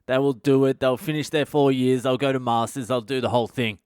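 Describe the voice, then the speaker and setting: Sarcastic comic host; profane monologue, crisp clear tone. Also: male voice, mid-range voice, level tone, brisk, a little mellow, no room sound, clean studio sound. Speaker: comedian podcast host. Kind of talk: comedic monologue rant.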